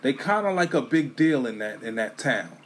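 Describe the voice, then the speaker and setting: A man talking casually and profanely about sports fans, swinging between loud bursts and low mutters. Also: very animated, normal speed, slight background noise. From New York.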